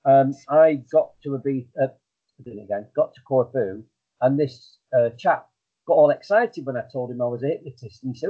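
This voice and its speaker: Over a tinny line that sounds like a phone, a middle-aged man talks briskly in a medium-pitched, slightly rough voice. He's a hypnotist being interviewed, and his stories wander, full of fillers and jokes at his own expense.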